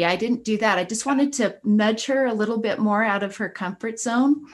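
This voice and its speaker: A woman's voice: fairly high pitch, moderate pace, few pauses. Earnest middle-aged woman telling a story. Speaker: school counselor guest. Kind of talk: casual podcast conversation.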